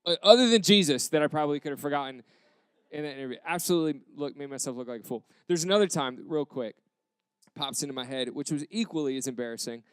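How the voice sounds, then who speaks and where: Smooth-voiced young American pastor. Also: male voice, on the high side, fast talker, no echo. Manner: animated storytelling with acted quotes. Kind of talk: sermon storytelling. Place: church campus.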